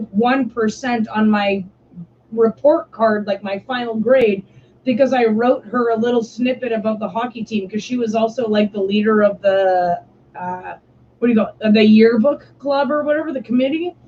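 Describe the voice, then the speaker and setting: This young stream host swears frequently and fills her casual storytelling with "like." She speaks at normal speed in a slightly high, slightly mellow voice, with slight background noise on muffled lo-fi audio.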